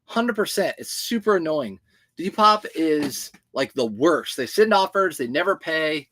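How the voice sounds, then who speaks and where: Man, high-pitched voice, casual livestream host, chatty, answering viewer comments, clothing reseller. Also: lively intonation, a little slow, fairly bright tone.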